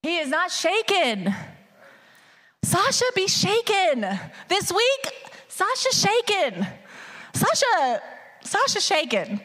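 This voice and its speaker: A woman preaches an energetic sermon in a high, bright voice. She is animated and hyped, calling the congregation y'all. Her voice rings through a long hall reverb. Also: slow pace, pauses often.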